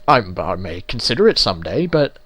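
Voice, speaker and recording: A man's voice: fairly low pitch, sing-song, moderate pace, fairly bright tone. A young man from England giving casual, sweary, ranting commentary while playing a video game. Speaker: let's play gamer.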